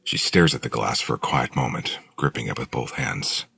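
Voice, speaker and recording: A man narrating a novel in the first person, in an even, measured storytelling voice. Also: rumbling low, vocal fry, husky, no room sound. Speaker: audiobook narrator.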